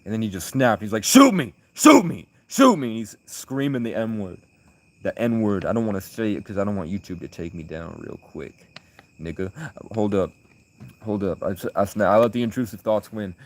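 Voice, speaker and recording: A man from the United States chatting on a late-night livestream, rambling through stories and reading out his chat, with loud bursts of laughter. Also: on the low side, moderate pace.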